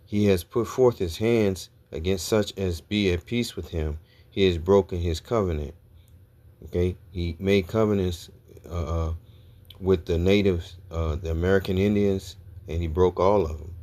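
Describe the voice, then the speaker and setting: Male preacher, very low voice, reads scripture and tags nearly every point with "all right?". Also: moderate pace, mellow. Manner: reads scripture aloud, peppers talk with "all right?" and "okay?". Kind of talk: scripture teaching sermon.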